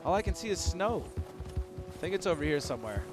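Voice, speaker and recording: Excitable young man streaming a game. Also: sits high, quick pace, over music. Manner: excitable, yells and laughs when things go wrong. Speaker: gaming streamer. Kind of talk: live gameplay commentary.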